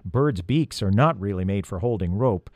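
A man's voice: fairly low pitch, no echo. Man reading a children's storybook aloud. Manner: expressive, slowing for dramatic moments. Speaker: audiobook reader. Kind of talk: storybook narration.

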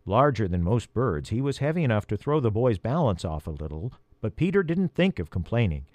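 A man reading a children's storybook aloud as narrator, dramatic and slowing down for tense moments. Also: fairly low pitch, big pitch swings, a little mellow, dry recording. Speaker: audiobook reader.

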